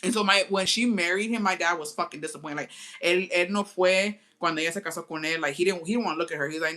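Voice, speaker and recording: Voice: mid-range voice, fast talker, sharp tone. A young adult telling a family story in a casual, profane way, switching between English and Spanish and talking straight to viewers. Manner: chatty, addresses viewers directly. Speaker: storytime vlogger.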